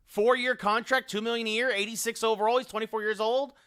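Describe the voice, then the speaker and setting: A man's voice: extremely high pitch, steady tone, fast, a bit bright, smooth. A man streaming a hockey game late at night, rambling and thinking aloud as he scrolls through players and chats with his viewers. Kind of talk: live game-stream commentary.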